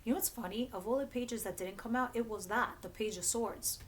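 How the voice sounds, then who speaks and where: On the high side and fairly quick, her voice carries a little hiss or hum in the recording. She's a tarot reader doing a casual session for her channel, blunt and chatty, with fillers and constant self-corrections as she restarts phrases.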